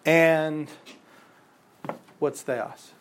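A man's voice: on the high side, fairly even intonation, very slow, slight background noise. A man teaching a Bible class, explaining patiently, repeating key points and quizzing his students, with the odd chuckle at his own examples. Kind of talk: classroom lecture.

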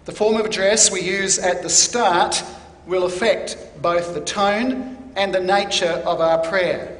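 A man preaching a sermon in a measured, deliberate teaching manner, stressing key words. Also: sits high. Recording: echoey hall.

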